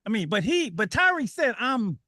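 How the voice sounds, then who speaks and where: A man hosting a call-in radio talk show, animated, reading quotes aloud and laughing often. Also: high-pitched, moderate pace, no echo, clean studio sound.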